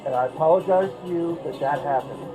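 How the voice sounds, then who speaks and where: A man's voice: on the high side, brisk, rough recording. Man, bar owner, firm and apologetic, body cam audio, music behind. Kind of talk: conciliatory explanation.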